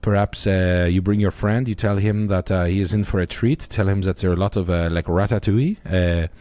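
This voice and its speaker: A stammering Frenchman who cannot get a sentence out without an uh, as a man puts him on. He has a French accent and a lowish voice. The halting speech makes him a comedic bit on a podcast. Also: steady tone, dark tone, no room sound, studio quality, lightly acted. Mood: mock-solemn. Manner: hesitant, stuffed with uh fillers. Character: halting, crude Frenchman, middle-aged man.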